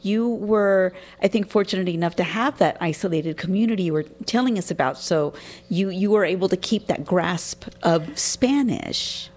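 A woman's voice: on the low side, moderate pace, a little mellow. A woman interviewing a poet, asking thoughtful questions in a conversational way.

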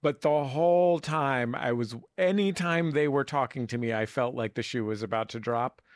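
An interview host chatting casually with a guest, telling quick anecdotes with laughing asides. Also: mid-range voice, dry recording, clean studio sound.

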